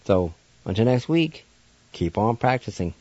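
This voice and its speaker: Patient, slow-spoken man teaching words. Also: fairly low pitch, sing-song, mellow, husky, no room sound. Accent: Cherokee. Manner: patient, measured, spells letter by letter. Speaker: radio host teaching language words. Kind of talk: slow spelled-out language lesson. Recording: dull dry radio studio sound.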